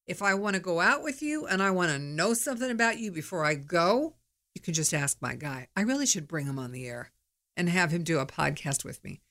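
A woman's voice: fairly low pitch, very animated, a little fast, fairly bright tone. A middle-aged woman hosting her own podcast, talking candidly in a chatty, storytelling monologue. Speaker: podcast host. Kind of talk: casual monologue.

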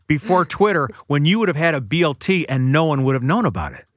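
A man's voice: fairly high pitch, sing-song, fast talker, no room sound, studio quality. A male author, a guest on a radio show, who tells one anecdote after another in a chatty way. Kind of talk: radio interview.

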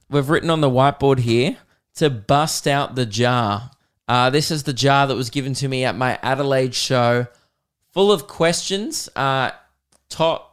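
A man's voice: mid-range voice, clear, resonant tone. Young aussie guy on his podcast, swearing and making fun of himself. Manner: animated, self-mocking, swears freely. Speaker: podcast host. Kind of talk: casual comedic rant.

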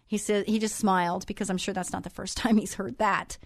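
A woman radio host chatting through a personal story in a lively, animated way, acting out the lines of the people in it. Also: mid-range voice, fairly quick, no room sound, studio quality. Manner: chatty, animated retelling with quoted dialogue. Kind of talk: casual storytelling monologue.

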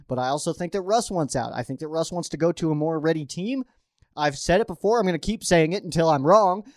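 Man, fairly high voice, rambling football picks chat, dry close sound. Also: dry recording. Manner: rambling, restarts, lively swings in emphasis. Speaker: sports podcast host. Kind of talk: casual football picks commentary.

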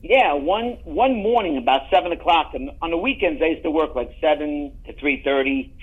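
A middle-aged man, an actor, telling rambling, animated anecdotes in a casual interview, often restarting his sentences. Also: fairly high pitch, moderate pace, slightly rough, narrow, tinny audio. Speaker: guest, actor.

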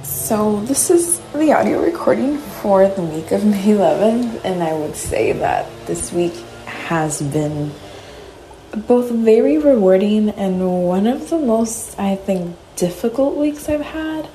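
A woman's voice: medium pitch, animated, slow pace, dark tone, soft background music. A young woman, a college student, recording a candid, conversational personal audio diary that turns openly emotional. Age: young adult. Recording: roomy echo.

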